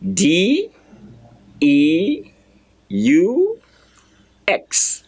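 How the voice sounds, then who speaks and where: A man's voice: high-pitched, wildly swooping pitch, drawn-out words, pauses often. A man teaching a beginner French class, repeating words and spelling them out letter by letter. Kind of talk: classroom lesson.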